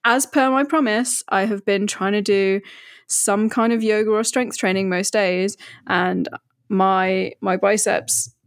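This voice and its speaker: A woman's voice: medium pitch, fairly even intonation, unhurried, no echo. Chatty woman podcaster, bubbly, tons of "like", dead dry sound. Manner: chatty, enthusiastic, lots of "like" and restarts. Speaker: podcast co-host. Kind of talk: casual chat.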